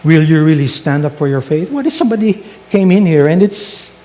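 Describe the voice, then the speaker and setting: A man's voice: on the high side, lively intonation, a little fast, warm tone. A male pastor preaching a sermon, telling stories and asking rhetorical questions.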